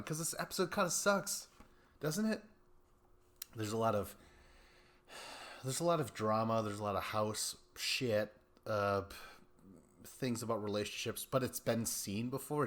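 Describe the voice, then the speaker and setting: A man hosting a podcast, giving a rambling, profane recap of a reality show and acting out people's lines in mocking voices. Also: fairly low pitch. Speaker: podcast host. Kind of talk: casual recap commentary.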